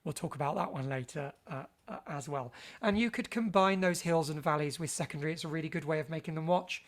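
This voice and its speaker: A man's voice: fairly high pitch, quick pace. Guy running a voice care session for teachers, chatty and playful, bit theatrical. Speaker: vocal health trainer for teachers. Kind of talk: online workshop teaching.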